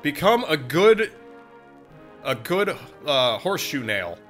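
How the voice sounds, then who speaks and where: A man co-hosting a casual podcast, a little sick and hoarse, rambling and laughing as he talks. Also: fairly high pitch, very animated, slow pace, fairly bright tone, soft background music. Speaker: podcast co-host.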